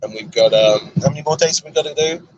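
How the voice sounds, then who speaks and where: A man's voice: a little high, fast, muffled recording. A male host on a live stream in a moving car, reading viewer comments aloud in an easygoing way. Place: inside a moving car on a road trip.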